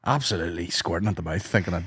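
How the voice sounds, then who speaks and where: A man's voice: low-pitched, rapid-fire, fairly bright tone, slightly rough, no room sound, clean studio sound. A man co-hosting a podcast, telling rambling, profane stories in casual comedic chat. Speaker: podcast co-host.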